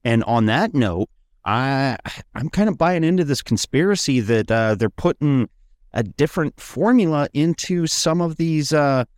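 A man's voice: on the high side, animated, a little slow, no echo. Man, podcast host, casual, profane, rambling, dry sound. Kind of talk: casual chat.

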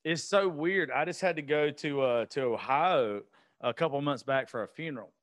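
A man's voice: fairly high pitch, normal speed, dry recording. A man, chatting casually and telling rambling stories with plenty of swearing. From US South. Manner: rambling storyteller, swears freely. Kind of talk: casual chat.

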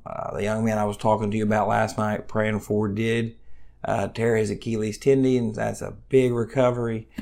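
A male pastor giving a livestreamed sermon, talking in an earnest, conversational way with many fillers, and reading scripture aloud in a louder voice. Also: fairly low pitch, gravelly. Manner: reads scripture aloud louder and more animated.

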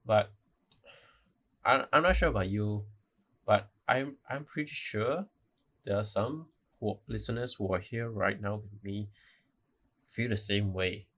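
A man's voice: on the low side, measured pace, long pauses, a bit bright. A young man hosting a casual solo podcast, rambling, apologizing and correcting himself as he goes. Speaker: podcast host.

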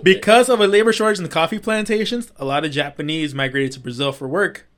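A young man in casual podcast chat, excited and swearing freely. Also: a little high, fast. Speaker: podcast co-host.

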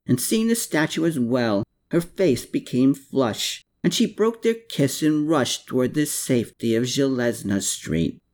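A man narrates an audiobook chapter with measured, steady storytelling. His pitch sits mid-range yet moves with a lively lilt through each sentence. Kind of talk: scripted narration.

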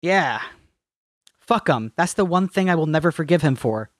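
A man's voice: a little high, expressive, normal speed, no echo, studio quality. A man co-hosting a podcast, chatting casually in a blunt, profane and enthusiastic way. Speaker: podcast co-host. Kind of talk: casual chat.

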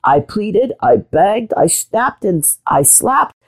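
A woman's voice: mid-range voice, big pitch swings, takes it slowly, full character voice. A woman reading a storybook aloud, voicing a bossy old female duck who hands out blunt advice.

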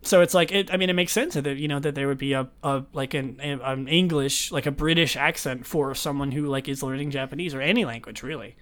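A man's voice: mid-range voice, a little fast, few pauses, a bit bright. A young man hosting a podcast, chatting casually, rambling with lots of restarts and laughs. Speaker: podcast host. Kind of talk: casual chat.

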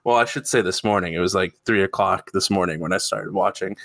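Man, podcast co-host, excitable and foul-mouthed, crisp forward tone, dry close sound. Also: deep voice, a little fast, no room sound. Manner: excitable, swears freely, rambling. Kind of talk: casual chat.

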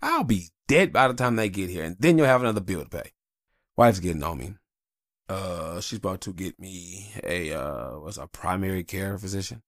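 Low-voiced man in a profane, rambling rant. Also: expressive, moderate pace, dry recording, clean studio sound. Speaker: podcast host. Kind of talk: casual solo podcast rant.

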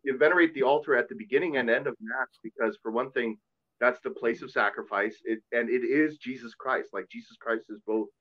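A man's voice: mid-range voice, fairly quick, dull audio. A man who is a Catholic priest, chatting earnestly and at length on a podcast. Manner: earnest, talkative, self-deprecating. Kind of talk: casual podcast chat.

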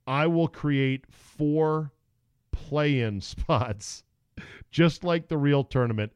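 This podcast host is a middle-aged man with a medium-pitched voice, recorded dry. He's a lively, sarcastic storyteller, keeping the talk casual.

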